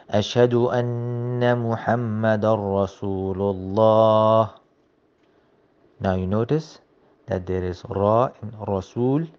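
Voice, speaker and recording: A man teaching recitation rules in a slow, careful way, reciting examples between his explanations. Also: sits low, a little mellow, lo-fi sound. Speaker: religious teacher. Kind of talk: recorded recitation lesson.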